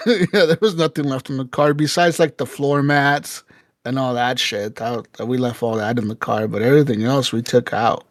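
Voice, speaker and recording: A man's voice: medium pitch, measured pace, no room sound, studio quality. A man co-hosting a podcast, telling a story casually with lots of swearing and laughter, acting out quotes. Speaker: podcast co-host.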